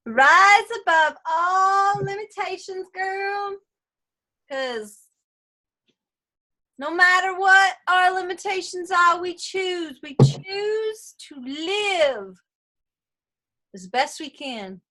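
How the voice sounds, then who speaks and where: A woman's voice: very high-pitched, lively intonation, very slow, long pauses, sharp tone. A woman chatting with a friend over a video call, cheering her on in a playful sing-song way. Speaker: guest friend. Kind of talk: casual chat.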